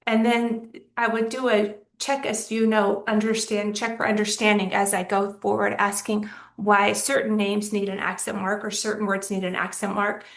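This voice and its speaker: A woman's voice: medium pitch, flat delivery, moderate pace, recorded from a distance. Woman teaching a lesson, echoey room. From Texas, US. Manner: patient, explains step by step with examples. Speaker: Spanish teacher. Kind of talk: recorded lesson.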